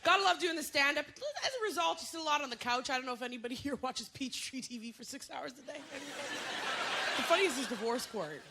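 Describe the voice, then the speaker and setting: A woman comedian performing a stand-up set on a club stage, animated and jumping into shrill impressions. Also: fairly quick, background noise. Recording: loud audience laughter and room ambience.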